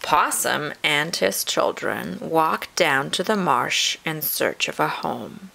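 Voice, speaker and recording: A woman reads a children's storybook aloud, her low voice moving slowly with a gravelly edge. Her delivery rises and falls expressively, as if reading to young listeners. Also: animated, sharp tone, slight background noise.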